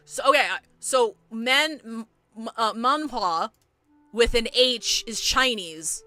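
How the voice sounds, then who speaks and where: Bright-toned woman streamer chatting to chat, riled up, rambling, apologizing a lot. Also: on the high side, expressive, measured pace, soft background music. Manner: rambling, frustrated, apologetic, many restarts. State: agitated. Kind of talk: casual live-stream chat with viewers.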